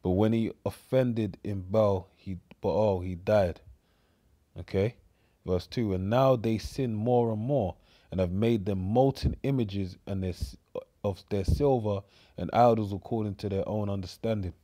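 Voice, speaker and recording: A man's voice: on the low side, fairly even intonation, measured pace, dark tone. A man with a London Cockney accent preaching and reading scripture aloud, rambling and repeating words, often tagging lines with "man" and "mate". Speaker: street preacher.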